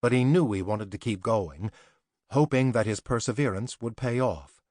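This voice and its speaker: A man reading an audiobook in steady, measured scripted narration, close to a studio mic. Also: medium pitch, dry recording.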